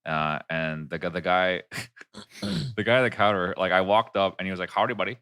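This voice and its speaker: A man's voice: low-pitched, normal speed, clear, resonant tone. A man whose first language is Korean, chatting casually and telling funny stories, acting out other people's voices and saying "dude" a lot. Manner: animated storyteller who acts out voices and says "dude" a lot. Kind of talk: casual chat, storytelling.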